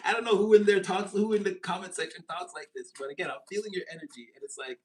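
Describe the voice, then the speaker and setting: A man giving a casual tarot reading, animated and laughing, slipping into mocking voices. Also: high voice, fast talker, low-quality recording. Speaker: tarot reader.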